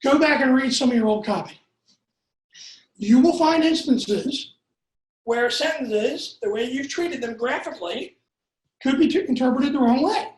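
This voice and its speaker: A man's voice: extremely high pitch, animated, measured pace, pauses often, echoey room, rough recording. A man teaching a copywriting workshop to a live audience, joking and veering off into asides, asking rhetorical questions as he goes.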